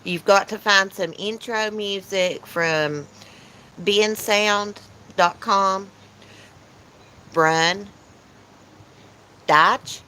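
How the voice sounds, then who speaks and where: A woman's voice: mid-range voice, steady tone, slow pace, a bit bright, a little hiss or hum, rough recording. Chatty woman on a porch. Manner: chatty, teasing, reads chat aloud. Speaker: channel host. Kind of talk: casual livestream chat. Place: porch outdoors.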